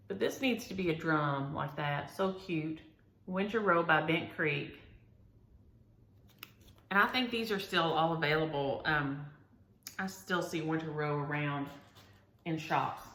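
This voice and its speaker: A woman's voice: lowish voice, vocal fry, fairly bright tone. A woman hosting a chatty show-and-tell video, gushing over each item and talking straight to her viewers. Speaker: host. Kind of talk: casual show-and-tell chat. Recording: roomy echo.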